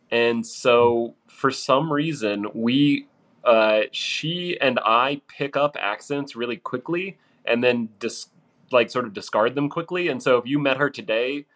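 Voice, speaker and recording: A man's voice: medium pitch, a bit bright. A man in his thirties from Arkansas with a vague mid-Atlantic accent, a podcast guest chatting casually and rambling through asides. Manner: rambling, full of "you know" and "like" asides.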